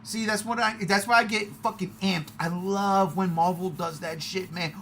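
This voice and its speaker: Excitable male podcast co-host, bright voice, swears a lot, faint background hiss. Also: high-pitched, moderate pace. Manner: excitable, swearing, loud outbursts. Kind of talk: excited casual movie chat.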